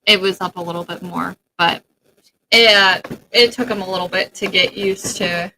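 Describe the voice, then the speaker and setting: A woman chimes in agreeably, adding short comments in casual chat. Her voice is bright and clear at an average pitch, with a faint noise under it. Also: fairly even intonation, moderate pace, rough recording. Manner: agreeable, chiming in with short backchannels. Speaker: paranormal team member and co-host.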